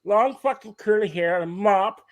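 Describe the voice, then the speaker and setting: A man with a fairly high-pitched voice talks through a casual music podcast. He tells stories animatedly and swears constantly. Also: moderate pace, no echo. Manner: animated storytelling, heavy swearing. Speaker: podcast co-host. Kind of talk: casual chat about music.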